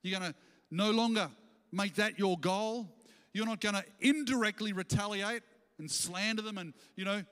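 A pastor delivers a sermon in a voice pitched high for a man, a bit bright, clear and resonant, at normal speed. He preaches with animation, now and then acting out quoted lines in voices. The long reverb of a church auditorium trails after his words.

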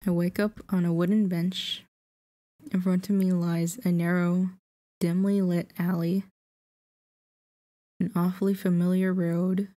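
A woman streamer reading a story game aloud in slow, soft narration. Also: on the low side, flat delivery.

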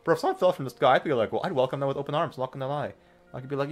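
A young man commentates his own gameplay with a bouncy, animated pitch that jumps up for sudden yelps and laughs. His voice sits at an ordinary middle pitch when calm. Faint game music plays behind him. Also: rapid-fire. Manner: excitable, laughing, loud outbursts. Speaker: gaming video creator. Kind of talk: let's-play commentary.

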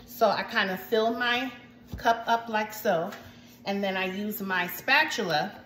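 A woman's voice: mid-range voice, fairly bright tone, slight background noise. A woman hosting a cooking channel, casually talking viewers through each baking step in a chatty way from her home kitchen. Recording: echoey room, faint ambience.

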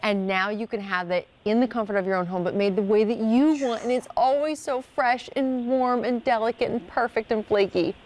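Enthusiastic woman pitching food on tv. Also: normal speed, few pauses, a little mellow. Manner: enthusiastic, descriptive. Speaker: guest product presenter. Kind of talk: live home shopping chat. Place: tv studio kitchen.

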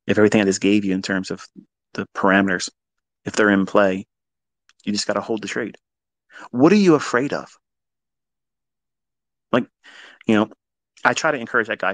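A man teaching trading in a live audio talk, blunt and heavily profane, swinging between loud emphatic bursts and quieter asides. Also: on the low side, no room sound. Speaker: trading educator.

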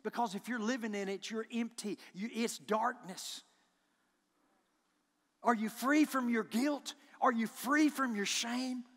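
A male pastor preaching in a church sanctuary, his voice very high and ringing bright. He swings from quiet, intent passages to shouted, repeated declarations. A long reverb trails each phrase through the hall. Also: measured pace. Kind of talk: sermon.

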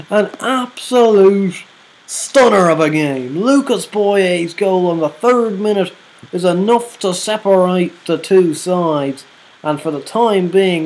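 Woman excitedly commentating a football game. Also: sits low. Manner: exclaims player names, groans and laughs at misses. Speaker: gaming channel host.

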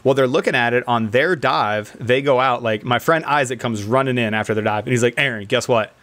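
A man's voice: mid-range voice, fairly quick. A man telling a long story casually among friends, laughing often and acting out what others said. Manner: animated, laughs often, acts out other people's lines. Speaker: podcast co-host telling a military story. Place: indoor team room.

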